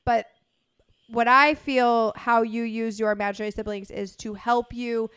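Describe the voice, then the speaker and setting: High, clear-voiced young woman telling a story. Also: measured pace, dry recording. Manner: animated, laughing storyteller. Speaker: podcast co-host. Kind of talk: casual storytelling chat.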